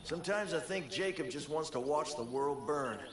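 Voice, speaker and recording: A man's voice: on the high side, animated, moderate pace, roomy sound, crowd noise, natural voice. A man voicing a weary game rebel. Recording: distant game audio with heavy noise.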